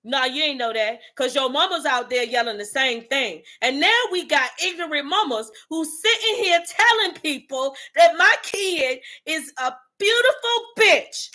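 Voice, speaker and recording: A woman's voice: high voice, expressive, normal speed, hardly any pauses, bright, forceful tone. A woman host delivering an impassioned motivational rant in a fiery, preachy manner. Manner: fiery, preachy, street-talking.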